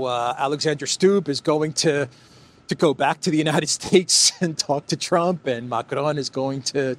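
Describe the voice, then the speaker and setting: A man giving mocking, rambling political commentary while walking through an indoor food court, recorded on a handheld phone. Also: medium pitch. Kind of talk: casual walk-and-talk vlog.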